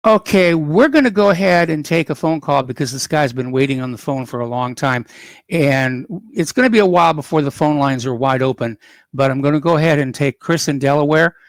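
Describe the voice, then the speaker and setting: A male talk radio host reads through the day's news at an easy, unhurried pace and breaks in with blunt opinions. His voice sits a little high for a man. It is recorded dry and close in a studio, with no room sound. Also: dry recording. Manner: unhurried, conversational, opinionated asides. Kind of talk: news commentary and call-in radio.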